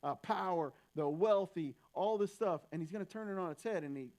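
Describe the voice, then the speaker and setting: A man's voice: sits high, a little fast, a little mellow. A young man preaching a sermon in a church, talking in a loose, conversational way with frequent restarts. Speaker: pastor.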